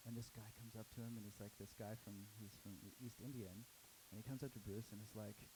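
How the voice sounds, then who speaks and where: A man, a startup co-founder, telling a story casually on a panel, animated and full of "like"s. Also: fairly low pitch, quick pace, hardly any pauses, a little hiss or hum, low-quality recording. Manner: animated, many "like"s and restarts.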